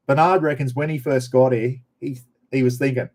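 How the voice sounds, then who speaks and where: Rambling Australian man, mellow voice. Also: medium pitch, steady tone, a little fast. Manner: rambling, anecdotal, frequent restarts. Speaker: live stream host. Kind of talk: casual live-stream chat.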